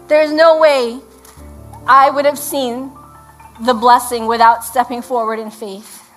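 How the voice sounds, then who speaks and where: A middle-aged woman, a pastor's wife, preaching an earnest sermon, slowing down to read scripture and praying softly at the close. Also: fairly high pitch, fairly even intonation, soft background music, low-quality recording.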